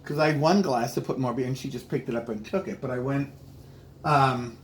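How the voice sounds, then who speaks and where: A man's voice: mid-range voice, slight background noise. A man chatting casually, telling a rambling story that stops and restarts often. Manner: rambling, halting, self-interrupting storyteller. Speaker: comedian. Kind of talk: casual chat.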